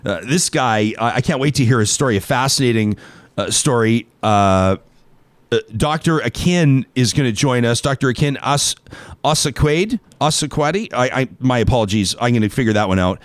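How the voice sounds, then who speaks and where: A man's voice: medium pitch, animated, normal speed, no echo. Rambling jokey guy hosting a show, voice jumps all over, dry close sound. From Canada. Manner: rambling, self-deprecating, jokey. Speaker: radio show host. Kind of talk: casual on-air banter.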